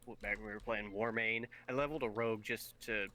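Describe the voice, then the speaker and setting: A man co-hosting a casual gaming podcast, talking haltingly with many fillers. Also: lowish voice, steady tone, pushed and bright, a little hiss or hum, low-quality recording. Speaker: podcast co-host.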